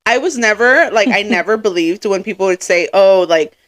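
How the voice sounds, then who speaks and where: A woman's voice: mid-range voice, normal speed. A woman co-hosting a casual podcast, telling stories with acted-out quotes and frequent laughter. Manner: laughs often, animated storytelling with put-on quotes. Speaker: podcast co-host. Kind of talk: casual chat.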